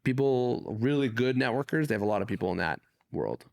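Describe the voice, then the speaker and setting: A man from Canada, a guest on an interview podcast, telling stories in a casual, animated way. He swears freely and acts out the people in his stories. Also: medium pitch, fairly quick, vocal fry, dry recording. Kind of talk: casual conversational storytelling.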